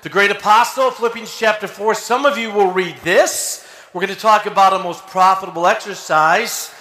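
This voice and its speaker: High, bright-voiced energetic preacher man. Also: moderate pace, roomy sound. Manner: energetic, shouting, animated storytelling with acted quotes. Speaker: pastor. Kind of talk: lively sermon. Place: church sanctuary.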